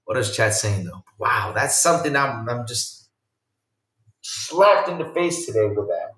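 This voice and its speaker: A man hosts a casual live-streamed podcast, letting out loud exclamations and reading viewers' chat aloud. His medium-pitched voice is very animated yet unhurried, and he sits far from the mic in an echoey room.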